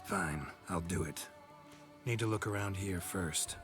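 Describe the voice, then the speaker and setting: A terse monster hunter in a video game, with a very low voice and clipped, dry delivery. He sounds gruff and blunt, never wasting words, with faint music under him. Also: unhurried. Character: gruff, terse male monster-hunting witcher.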